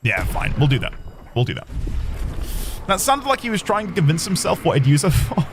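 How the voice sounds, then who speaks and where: A man's voice: a little high, wildly swooping pitch, brisk, gravelly, slight background noise. A man streaming a video game, chatting casually and rambling to his viewers. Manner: chatty, rambling, talks to chat.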